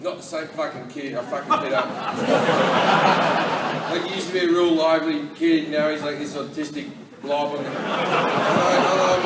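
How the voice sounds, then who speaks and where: A man doing stand-up, telling a profane story with animated delivery and acting out other people's voices. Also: on the high side, moderate pace, pauses often, over a noisy crowd, very noisy. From Australia. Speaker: stand-up comedian. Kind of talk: stand-up comedy set. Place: large comedy venue with a live audience. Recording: echoey hall, voice from far off, loud ambience.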